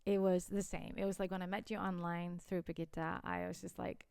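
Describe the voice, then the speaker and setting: A woman from Iceland co-hosting a podcast, chatting casually and telling a lively, laughing story with acted-out quotes. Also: lowish voice, a little fast, vocal fry, clean tone, no room sound. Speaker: podcast co-host. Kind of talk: casual chat.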